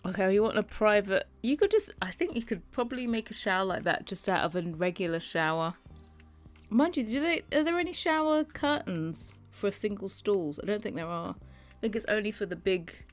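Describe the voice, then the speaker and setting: A woman's voice: medium pitch, lively intonation, moderate pace. British woman, chatty, rambling, giggly, muttering asides, tired, faint background music. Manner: rambling and giggly, muttering to herself while she works. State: tired and yawning. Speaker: Sims custom content creator streaming. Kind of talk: casual chat with live chat while working.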